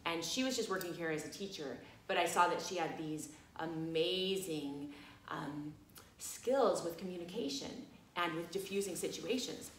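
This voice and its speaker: A woman's voice: fairly low pitch, normal speed. A woman teaching at a massage college, telling a story casually with lots of fillers and bursts of laughter. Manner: animated, laughing, many fillers like "you know". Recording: echoey room.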